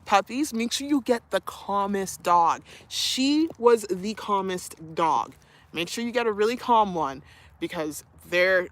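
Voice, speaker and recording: A woman's voice: mid-range voice, fairly bright tone, dry recording. A young woman streaming live, chatting casually, reading viewer comments, laughing often and cooing to her dog. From Canada.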